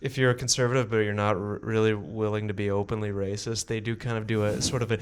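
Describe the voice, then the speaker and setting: A man with a fairly low voice co-hosts a comedy podcast in loose, casual banter. He laughs a lot and riffs freely, tossing in goofy bits as the jokes build. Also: level tone, fast talker, slight background noise. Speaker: podcast co-host.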